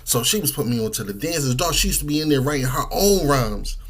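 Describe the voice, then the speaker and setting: A man's voice: medium pitch, animated, fast talker, a bit bright, slightly rough. A man, talking casually and profanely with lots of slang, eating while he talks. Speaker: podcast host. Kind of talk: casual monologue.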